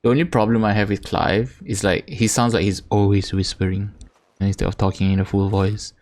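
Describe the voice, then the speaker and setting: A man's voice: on the low side, level tone, brisk, a little mellow. A man casually commentating a video game in a joking, offhand way. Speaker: gaming streamer.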